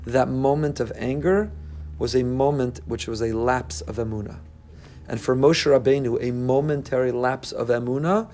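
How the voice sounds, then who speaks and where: A man preaching a sermon, animated, breaking into loud, high bursts when he acts out what people say. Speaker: rabbi.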